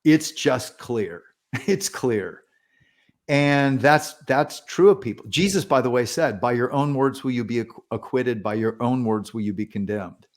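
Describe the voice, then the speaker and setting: A man's voice: mid-range voice, unhurried. A man, a pastor and author as a podcast guest, retelling accounts earnestly and acting out the voices of the people in them. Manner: earnest, animated retelling with quoted dialogue. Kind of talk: storytelling in a podcast interview.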